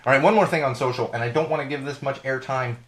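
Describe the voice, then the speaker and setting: A man hosting a live podcast, rambling and indignant in a casual rant, his voice going hoarse. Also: mid-range voice, quick pace, noisy background. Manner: rambling, indignant, self-correcting. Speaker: podcast host.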